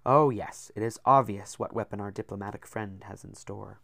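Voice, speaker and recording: Sarcastic cool-tongued woman voiced by a man, raised pitch, dry audiobook sound. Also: moderate pace, creaky, fairly bright tone, dry recording. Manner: sarcastic, cutting.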